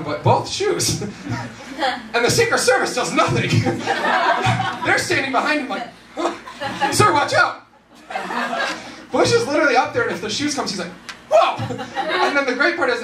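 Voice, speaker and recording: A young man doing a live stand-up routine at a university event, animated and self-mocking, with mumbled asides between louder bits. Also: extremely high pitch. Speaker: stand-up comedian. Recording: echoey hall from far off, noisy.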